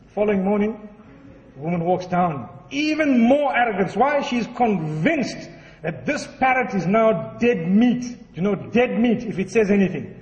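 A man's voice: high voice, darkish tone. A man giving an evening religious talk and telling a parable in a conversational way, often saying "you know". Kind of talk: sermon with a storytelling parable. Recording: distant dull hall recording with faint ambience.

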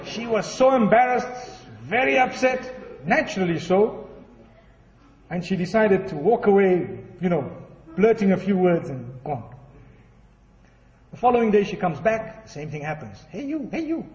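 A man's voice: high-pitched, lively intonation, a little slow. A man giving an evening religious talk and telling a parable in a conversational way, often saying "you know". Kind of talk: sermon with a storytelling parable. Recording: distant dull hall recording with faint ambience.

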